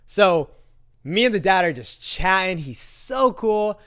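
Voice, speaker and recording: A young man tells a story to his audience in a lively, casual way, jumping into the voices of the people he quotes. His voice sits a little high for a man and comes through smooth and clean. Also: slow. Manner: animated, acts out quoted lines. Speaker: vlogger. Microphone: handheld mic.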